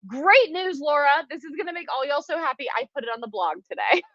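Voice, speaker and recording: A bubbly woman with a drawl hosts a live stream and chats warmly with her viewers. Her voice sits high and bright, with a quick, lively lilt. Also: lo-fi sound. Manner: bubbly and chatty, greeting viewers by name. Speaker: quilting teacher hosting a live class.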